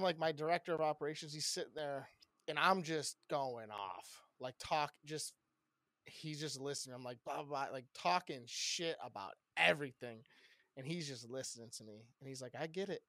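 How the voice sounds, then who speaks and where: A man co-hosting a casual podcast, telling a story loudly and rambunctiously with a lot of swearing. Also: fairly high pitch, normal speed, no echo, clean studio sound. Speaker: podcast co-host.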